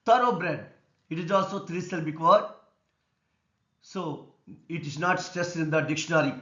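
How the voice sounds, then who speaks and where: A man with an Indian English accent teaching an English lesson on word stress, explaining slowly and deliberately. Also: fairly high pitch, pushed and bright. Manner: slow, deliberate explanation, repeating words and stress rules. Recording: echoey room, dull lo-fi sound.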